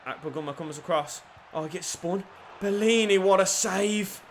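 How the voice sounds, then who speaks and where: A young man commentating his own football video game and chatting to viewers, shouting at goals and swearing at the referee. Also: sits high, normal speed, a little hiss or hum. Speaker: gaming YouTuber.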